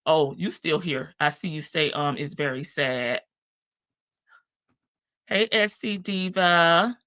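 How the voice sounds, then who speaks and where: A woman's voice: sits low, slow pace, fairly bright tone, no echo. A woman hosting a casual livestream, chatting and greeting viewers one by one in a big country voice. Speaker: livestream host.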